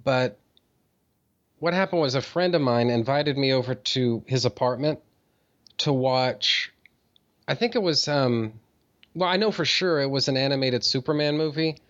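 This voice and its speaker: A man's voice: medium pitch, normal speed, pauses often, a bit bright. A man telling a long story in casual chat, rambling with many fillers and restarts, and swearing freely. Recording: dull lo-fi audio.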